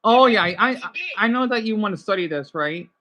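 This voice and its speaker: A woman's voice: mid-range voice, expressive, brisk, a bit bright. A woman hosting a livestream, chatting casually with viewers and often restarting and correcting herself. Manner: rambling, restarts and self-corrections. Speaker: livestream host.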